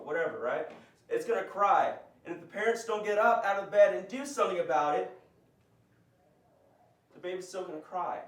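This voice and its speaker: A man teaching a conversational bible lesson, explaining and asking his group questions. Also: high-pitched. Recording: roomy, distant mic.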